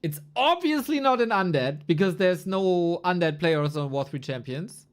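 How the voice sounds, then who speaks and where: A woman's voice: on the low side, lively intonation, moderate pace. A woman esports caster chatting casually on a live stream, loose and playful, swearing and chuckling as she goes through rankings.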